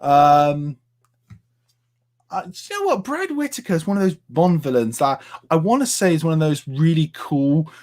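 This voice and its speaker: A man hosts a casual live stream, chatting through viewer questions with lots of "um"s. His voice sits a bit higher than most men's. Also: very animated, normal speed, a little mellow. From United Kingdom. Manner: chatty, answers viewer comments with fillers.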